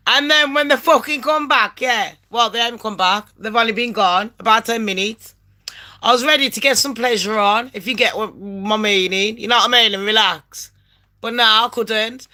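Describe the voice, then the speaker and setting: A woman in her late thirties from England, telling a story in a brash, sweary and animated way and acting out phone calls in voices. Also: on the high side, moderate pace. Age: late 30s. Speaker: vlogger. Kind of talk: casual storytelling rant.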